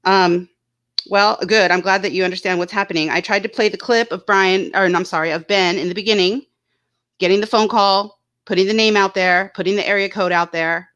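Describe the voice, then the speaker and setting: Bright-voiced woman in blunt casual commentary. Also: medium pitch, fairly even intonation, brisk, lo-fi sound. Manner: blunt and indignant, swears freely. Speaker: YouTube channel host. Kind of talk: casual commentary reading viewer chat.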